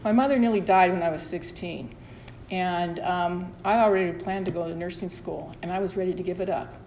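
A woman's voice: lowish voice, steady tone, fairly quick, a little mellow, a little hiss or hum. A middle-aged woman telling her own story at a support meeting in a candid, rambling way with restarts. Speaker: recovery meeting speaker. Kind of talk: personal sharing at a support meeting. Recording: echoey room, faint ambience.

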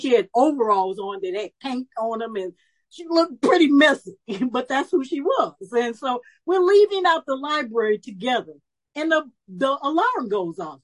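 A woman of about seventy telling a personal story at a recovery meeting, lively and animated, acting out the voices she quotes. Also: on the high side, low-quality recording. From Chicago area. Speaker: speaker sharing her story at a recovery meeting.

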